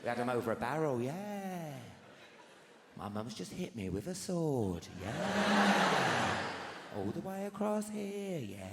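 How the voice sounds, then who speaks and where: A man in his forties doing stand-up on a big theatre stage, with a fairly high, lively voice that leaps around as he confides stories to the crowd. The sound is roomy, with a long hall reverb and loud audience laughter behind him. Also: takes it slowly, heavy background noise. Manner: animated, confiding storytelling with tag questions. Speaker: stand-up comedian. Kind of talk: stand-up comedy routine.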